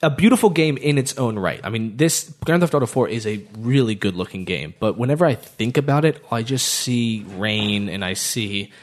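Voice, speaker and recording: A man's voice: medium pitch, lively intonation, moderate pace, few pauses. A man in a casual chat, telling stories with eager enthusiasm and lots of fillers. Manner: enthusiastic rambling storyteller, many fillers.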